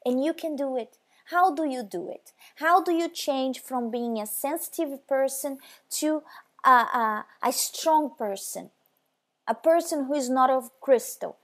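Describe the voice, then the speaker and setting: High-voiced woman giving a devotional talk. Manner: direct and emphatic, addressing the listener. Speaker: devotional speaker.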